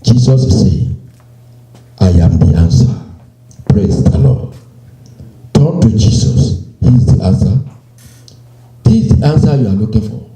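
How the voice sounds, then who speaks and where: A man preaching a sermon, slow and emphatic, repeating phrases and quoting scripture. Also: medium pitch, expressive, mellow, roomy sound, poor audio. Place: church.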